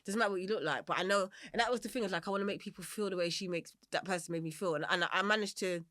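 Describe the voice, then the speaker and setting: A woman's voice: medium pitch, no room sound, studio quality. A middle-aged woman with a London accent, telling her life story in a candid, rambling interview and laughing easily. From Germany and South London. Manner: rambling, animated, quick to laugh. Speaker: singer-songwriter guest.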